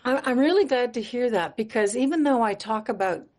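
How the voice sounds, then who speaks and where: A woman's voice: fairly high pitch, expressive, brisk, a little mellow. Earnest, reflective woman interviewee. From Manitoba, Canada. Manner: earnest, reflective storytelling with easy laughs. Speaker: singer-songwriter guest. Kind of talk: radio interview conversation.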